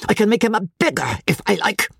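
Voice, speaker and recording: A woman's voice: mid-range voice, sing-song, fast talker, vocal fry, fairly bright tone, husky, no echo, studio quality, voice pushed up, heavily acted. A woman reading an audiobook, voicing a violent old bullying father who blusters angrily. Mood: furious. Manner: blustering and angry.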